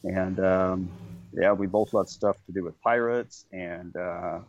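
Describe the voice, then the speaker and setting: A man's voice: sits low, fairly even intonation, takes it slowly, highs cut off. A man who is a guest author, agreeable and hesitant, speaking with many fillers. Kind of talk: casual interview chat.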